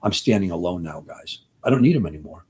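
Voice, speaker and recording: A man in his sixties gives a live question-and-answer talk as a doctor. His voice is very husky and raspy, and its pitch rises and falls a lot. He speaks with passion and rambles, often breaking off and restarting his sentences. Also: expressive, fast talker, darkish tone. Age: 60s.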